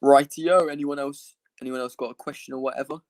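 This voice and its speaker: A young man hosts a casual football watchalong stream. He talks in an easygoing, rambling way, thanking viewers and calling the play as it happens. His voice sits in an ordinary middle pitch. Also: fairly even intonation, brisk. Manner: chatty, rambling, laughs often. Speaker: livestream host.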